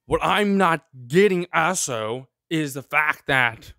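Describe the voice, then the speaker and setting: A man with a somewhat high voice rants through his own commentary show, heavy on sarcasm and rhetorical questions. The sound is dry and close, with no room around it. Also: animated, takes it slowly, creaky, pushed and bright, no room sound. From of Greek heritage. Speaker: show host. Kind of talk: ranting solo commentary.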